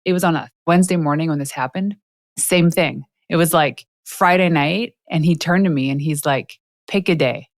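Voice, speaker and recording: A woman hosting a podcast interview, telling lively personal stories and laughing often. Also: deep voice, normal speed, no echo, clean studio sound. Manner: animated storyteller, laughs often. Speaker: podcast host. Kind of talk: casual interview chat.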